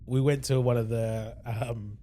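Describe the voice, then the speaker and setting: A man's voice: medium pitch, fairly even intonation, measured pace, dark tone. A man co-hosting a podcast, recapping an episode at length in casual chat and acting out quoted lines. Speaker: podcast co-host.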